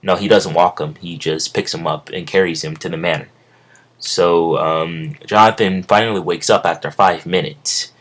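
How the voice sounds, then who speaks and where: A man's voice: low voice, fairly even intonation, moderate pace, fairly bright tone. A young man improvising a fan story, rambling with many fillers and self-corrections. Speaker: amateur storyteller.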